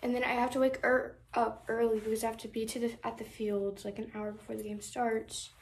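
A woman's voice: fairly high pitch, little pitch movement, fairly quick, slight background noise. A teenage girl chatting casually in a vlog at home while getting ready, rambling with lots of fillers and dramatic complaints, a bit out of breath. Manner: rambling, filler-heavy, dramatic about small things. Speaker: vlogger.

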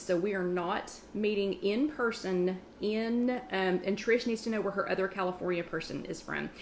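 Fast-talking Southern woman hosting a live chat. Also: medium pitch, a little hiss or hum. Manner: fast, chatty, rambling, with quick asides. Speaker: host of a live online chat. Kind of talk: casual live-stream chat, greeting viewers.

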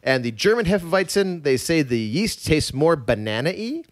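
A man's voice: fairly high pitch, very animated, normal speed. A man hosting a casual drinking podcast, jokey and rambling, mock-pleading when he plugs the show. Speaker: podcast host.

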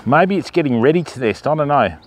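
A man's voice: on the high side, expressive, fairly quick. A man hosting a casual outdoor livestream at a wildlife park, coaxing the animals in a sing-song voice.

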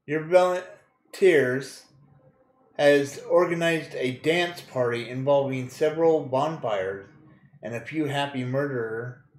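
Slow-talking man streaming a game. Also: mid-range voice, roomy sound. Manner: crude joking, reads game text aloud, laughs often. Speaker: gaming streamer. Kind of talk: casual let's-play commentary.

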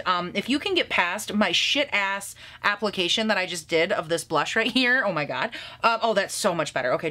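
A woman in her thirties chatting casually through a makeup review, bubbly and a little profane, laughing often and scolding herself out loud. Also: mid-range voice. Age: 30s. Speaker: beauty vlogger.

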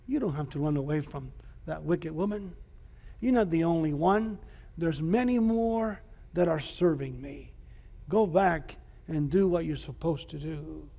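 A man, a preacher, voicing God speaking gently and quietly to a frightened prophet in a sermon retelling. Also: a little slow, vocal fry, big-room sound. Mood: gentle. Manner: hushed, low and calm.

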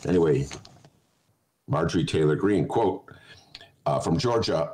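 A man's voice: sits low, animated, a little slow, long pauses, darkish tone, poor audio. A man hosting a talk show, giving casual comic commentary in a digressive way and often breaking into laughter.

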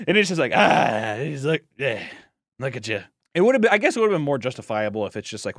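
A man co-hosting a podcast in casual chat, animated and often laughing, acting out film lines as he talks. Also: mid-range voice, quick pace, no echo, studio quality. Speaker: podcast co-host.

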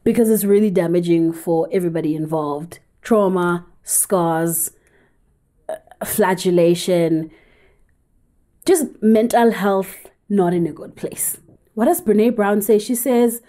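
A woman's voice: fairly low pitch, slow, mellow. A woman with a South African accent, telling a personal story in a candid, chatty vlog. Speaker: film reviewer and vlogger.

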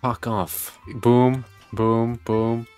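A man giving excitable gameplay commentary, reading game text aloud, reacting loudly and swearing often. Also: medium pitch, very slow, smooth, faint music behind. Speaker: gaming video creator.

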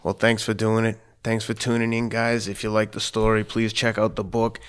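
A man's voice: on the low side, completely flat delivery, moderate pace, clean tone. A man hosting a podcast, giving short agreeing replies and a plain sign-off. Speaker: podcast host. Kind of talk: casual podcast talk.

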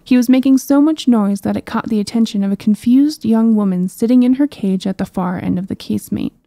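Mellow woman reading a storybook. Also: on the high side, fairly quick, creaky, no room sound, clean studio sound. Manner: even storybook delivery with wry asides. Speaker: audiobook narrator. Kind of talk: scripted narration.

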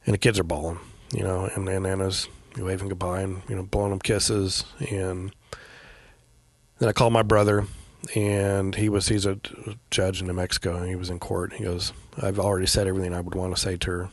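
A middle-aged man telling a personal story as a podcast guest, in a quiet, halting way with many pauses and fillers. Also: low voice, level tone, slightly rough. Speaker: guest, veteran paramedic.

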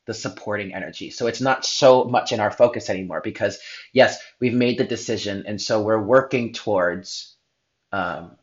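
A man's voice: fairly low pitch, muffled recording. A man giving a spiritual tarot reading in an earnest, heartfelt way, sometimes blunt. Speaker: tarot reader.

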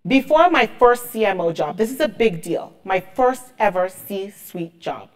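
A woman's voice: mid-range voice, lively intonation, measured pace, darkish tone. A woman in her thirties, a marketing executive, speaking emphatically and with motivation as the guest of an onstage interview, often repeating words for stress.

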